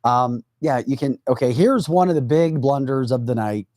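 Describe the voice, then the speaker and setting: A man co-hosting a political podcast, talking in a sarcastic, animated way. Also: mid-range voice, normal speed, no room sound, studio quality. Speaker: podcast co-host. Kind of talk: casual political chat.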